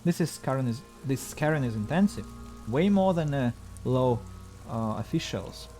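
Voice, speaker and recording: A male streamer reads a video game's text aloud at a middling pitch. He adds wry, offhand asides between the narrated lines. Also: expressive, normal speed, mellow, soft background music. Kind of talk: reading game text aloud.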